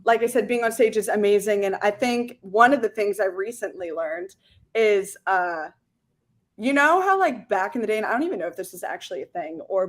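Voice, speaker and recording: A woman singer talking as a guest in a casual interview, chatty and animated, with many "like" fillers. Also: mid-range voice.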